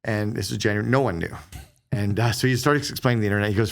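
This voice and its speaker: A middle-aged man, a guest on a business podcast, telling stories in a quick, animated conversational way and acting out the dialogue he quotes. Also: on the low side, vocal fry. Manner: fast, animated storyteller who acts out quoted dialogue.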